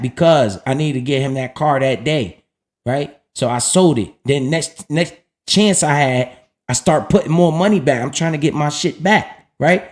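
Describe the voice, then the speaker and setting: A middle-aged man hosting a casual livestream, talking in loose slang and often dropping low and quiet. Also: moderate pace. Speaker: livestream host talking investing.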